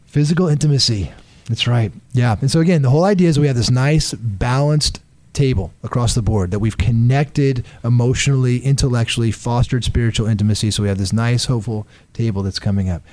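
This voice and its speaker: A man's voice: mid-range voice, a little fast, darkish tone, dry recording. A man, a marriage and family therapist, giving earnest, pragmatic relationship advice in conversation. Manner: earnest, pragmatic, uses acted-out examples. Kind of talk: conversational advice on a radio talk show.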